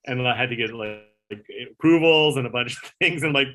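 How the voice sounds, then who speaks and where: A man's voice: mid-range voice, a little fast, few pauses, pushed and bright. A middle-aged man, a former talk show producer, telling a story in a casual interview, acting out the voices he quotes and filling his talk with fillers and swearing.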